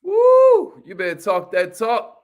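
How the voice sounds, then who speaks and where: High-voiced hyped motivational livestream man. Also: a little slow. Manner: energetic, repetitive call-and-response hype with "y'all"; shouts out viewers by name.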